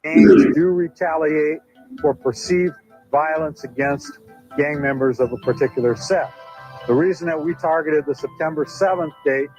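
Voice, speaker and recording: A man, a police official, giving a formal, deliberate press statement. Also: a little high, a little mellow, soft background music, poor audio.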